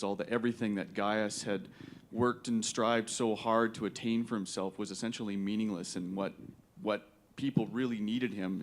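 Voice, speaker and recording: Halting fan asking a question. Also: male voice, fairly low pitch. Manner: halting, many restarts and fillers, admiring. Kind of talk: audience question at a panel. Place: convention hall.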